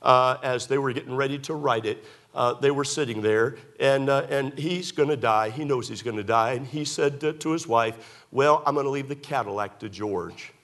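A man's voice: mid-range voice, moderate pace, fairly bright tone. A man preaching a sermon, emphatic, firing rhetorical questions at the congregation and telling folksy stories. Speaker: pastor.

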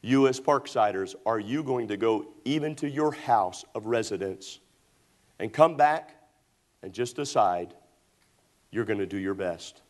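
A man preaching a sermon, telling a story dramatically and rising to shouts at the climaxes. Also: lowish voice, expressive, unhurried.

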